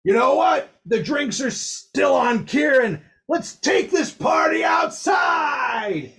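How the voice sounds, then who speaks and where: A man voicing a flashy male arena champion who loves working a crowd, rowdy and loud. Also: on the high side, moderate pace. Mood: triumphant.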